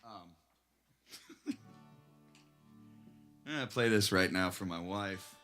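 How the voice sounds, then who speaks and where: Deep-voiced guy musician chatting on stage in a record shop, nervous rambly storyteller, faint guitar in the background. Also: slow pace, sharp tone. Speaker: singer-songwriter and guitarist. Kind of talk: live stage banter between songs. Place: record store in-store performance.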